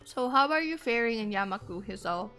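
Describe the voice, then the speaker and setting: A woman voicing a soft-spoken, relaxed young schoolgirl in a visual novel, reading her lines gently and politely. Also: fairly high pitch, a little fast, faint music behind. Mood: calm.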